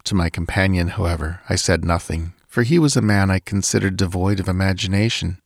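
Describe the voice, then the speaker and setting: Low-voiced man reading a story, dry sound. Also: vocal fry, no echo. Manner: measured, deliberate reading. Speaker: audiobook narrator. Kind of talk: scripted story narration.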